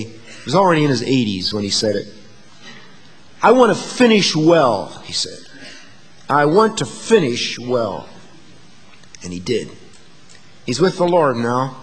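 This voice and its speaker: A man preaching a sermon to his congregation, moving between hushed asides and emphatic, rising declarations. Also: medium pitch, long reverb tail. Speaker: pastor.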